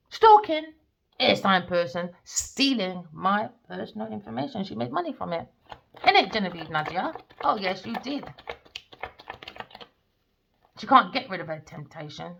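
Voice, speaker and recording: A woman's voice: medium pitch, creaky, a bit bright, slight background noise. A woman giving a profane, scornful rant as a tarot reader. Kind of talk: ranting monologue. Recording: dull lo-fi recording.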